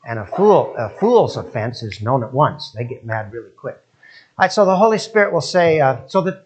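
A man's voice: a little high, lo-fi sound. A male preacher giving a sermon, telling stories and asking his listeners questions. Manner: storytelling, acts out quoted voices, asks audience questions.

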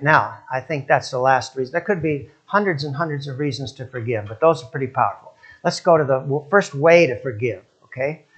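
A man's voice: on the high side, fairly bright tone, low-quality recording. A male preacher giving a sermon, telling stories and asking his listeners questions. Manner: storytelling, acts out quoted voices, asks audience questions.

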